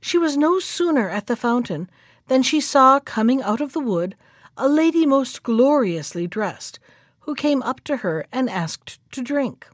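A woman storyteller reading a fairy tale aloud in a measured, clear way. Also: high voice, sing-song, no echo, clean studio sound. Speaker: storyteller and podcast host.

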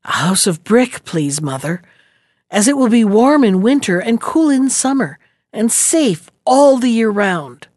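A woman reads as a sensible young boy piglet in a storybook, polite and reasonable. He answers calmly and steadily, in a dry, close sound. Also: a little high, a little slow, dry recording.

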